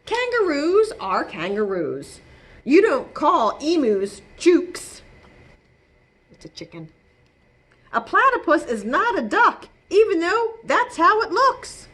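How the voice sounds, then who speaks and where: A woman's voice: extremely high pitch, big pitch swings, slow, fairly bright tone, voice pushed up, full character voice. A woman doing a grumpy fed-up koala. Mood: indignant. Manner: indignant, complaining.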